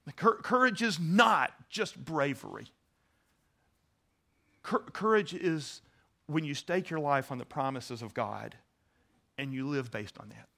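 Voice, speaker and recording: A man's voice: fairly high pitch, expressive, a little slow, vocal fry, pauses often, bright, forceful tone. A man preaching a sermon, earnest, stressing key words and often restarting his sentences. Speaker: pastor.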